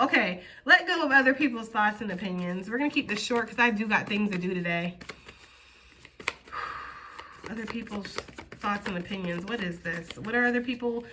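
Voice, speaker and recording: Woman tarot reader, casual and profane, bright voice, a bit high. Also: a little hiss or hum. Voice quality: profane, chatty, animated.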